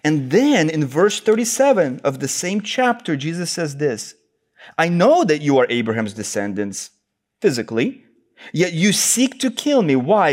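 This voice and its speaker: Man, preacher, expository sermon, earnest, emphatic, slightly high voice. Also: unhurried. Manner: earnest, emphatic, citing verses in steady cadence.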